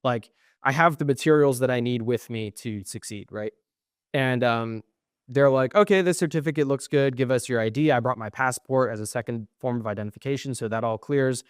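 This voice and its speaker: A man's voice: mid-range voice, fairly quick, clean tone, dry recording, clean studio sound. Young man telling a profane story. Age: young adult. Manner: animated, profane, acts out quoted exchanges. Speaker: podcast co-host. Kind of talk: casual storytelling.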